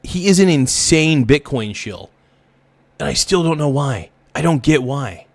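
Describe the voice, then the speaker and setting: A man's voice: on the high side, animated, measured pace, creaky, no echo. A man hosting a reaction video, ranting angrily with heavy swearing and repeated phrases. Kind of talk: angry reaction commentary.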